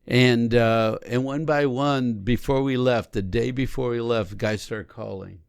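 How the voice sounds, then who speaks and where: A man co-hosting a podcast, talking casually and coaching through examples in an animated way. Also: mid-range voice, moderate pace, gravelly, few pauses, no room sound, studio quality. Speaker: podcast co-host. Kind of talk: casual conversation on marriage.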